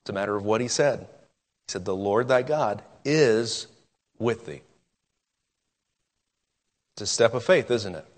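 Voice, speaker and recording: A man preaching a sermon in an earnest way, slowing down and dropping to a near hush on key words. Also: mid-range voice, in a large hall. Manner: earnest, with dramatic pauses and drops to a hush.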